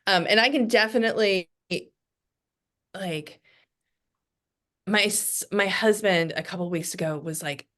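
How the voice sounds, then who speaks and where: A woman leading a casual book discussion over a video call, talking in an even, measured way with frequent ums. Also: mid-range voice. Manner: even-tempered, many ums.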